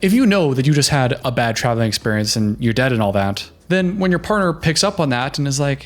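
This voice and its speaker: A man's voice: medium pitch, big pitch swings, fairly quick, hardly any pauses, soft background music. A man doing casual reaction commentary, chatty and opinionated, giving relationship advice.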